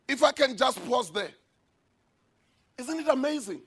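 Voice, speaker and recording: A man preaching a sermon as a pastor in a church, emphatic, with sudden shouted lines. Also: very high voice, lively intonation, normal speed, pauses often, slightly rough.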